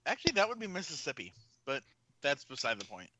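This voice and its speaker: A man's voice: mid-range voice, wildly swooping pitch, quick pace, pushed and bright, highs cut off. A man who is a guest on a casual podcast, wisecracking and laughing often. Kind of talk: casual chat.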